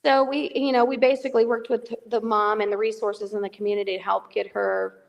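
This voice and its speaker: Speaking briskly in a creaky mid-range voice, a middle-aged woman recounts a story as a remote guest on a call-in podcast, heard over a remote call with a big-room sound. A charity volunteer, she's animated throughout and performs the dialogue in quotes.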